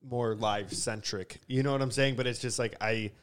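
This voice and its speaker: This music podcast co-host has a smooth, medium-pitched voice with fairly even intonation and a moderate pace. He talks loosely and casually, rambling with plenty of filler words and cursing.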